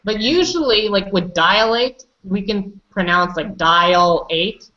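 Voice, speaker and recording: A woman leads an online pronunciation lesson, patiently correcting and prompting her students. She speaks at a mid pitch. The sound is dull and lo-fi, like a video call. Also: animated, unhurried, pushed and bright. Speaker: English pronunciation teacher. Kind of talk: online class instruction.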